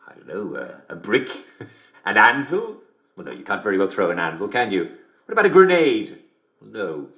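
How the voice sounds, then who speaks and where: An actor playing a gleeful, smugly cruel middle-aged English television host in a video game, who giggles constantly between lines. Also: male voice, fairly low pitch, huge pitch swings, moderate pace, highs cut off. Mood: jovial, mocking. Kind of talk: video game character performance. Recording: roomy echo.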